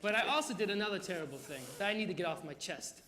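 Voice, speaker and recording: A man's voice: high voice, lively intonation, rapid-fire, over a noisy crowd. A teenage boy on a school stage, playing a sly, streetwise male gambler with a wheedling delivery. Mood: sheepish. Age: teens. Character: fast-talking male gambler, sheepish and sly. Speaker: high school stage actor. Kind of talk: live musical theatre dialogue.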